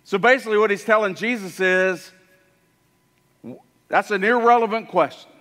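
A male pastor preaching in a church sanctuary, his voice pitched high and sounding bright and forceful. He talks in an animated way, acting out the people in the story. A long hall reverb trails his words. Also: normal speed. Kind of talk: sermon.

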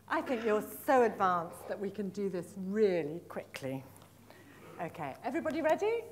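During a live teacher-training workshop in a conference room, a middle-aged woman with a mid-range voice demonstrates storytelling using flashcards. She stays energetic and encouraging, praising participants and repeating words in a slow, drawn-out way.

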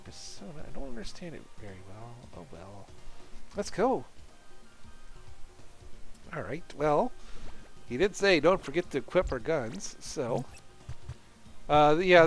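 A man's voice: on the high side, big pitch swings, unhurried, vocal fry, long pauses, faint music behind. A man giving casual, rambling commentary on a video game he is playing, chuckling as he goes. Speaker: let's play host.

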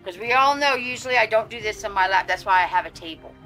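A woman's voice: mid-range voice, fast talker, bright, forceful tone, faint music behind. A woman vlogger chatting casually outdoors while unboxing gifts, gushing and exclamatory with lots of fillers, at times teary. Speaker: vlogger running a reborn doll channel. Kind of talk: casual happy mail unboxing.

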